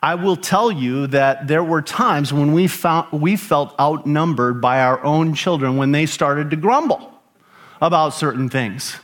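A man's voice: fairly high pitch, unhurried. A middle-aged man preaching a sermon as pastor, emphatic, with rhetorical questions and rising emphasis on key phrases.

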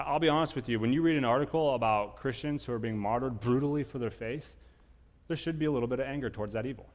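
A married man preaching to his congregation, asking them questions and getting loud and animated when he tells stories. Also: medium pitch, in a large hall. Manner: animated storytelling, rising loud when telling anecdotes; addresses congregation directly with questions. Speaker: pastor. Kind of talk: sermon.

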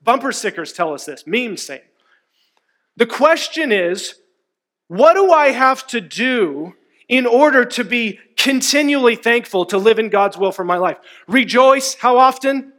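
A man's voice: very high voice, lively intonation, a little slow, fairly bright tone. A man preaching a sermon, emphatic and asking his congregation questions. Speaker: pastor.

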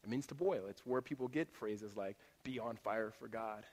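A man preaching a sermon as a pastor to a church congregation, talking in a conversational, animated way with frequent restarts. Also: on the low side, moderate pace. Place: church auditorium. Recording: long hall reverb.

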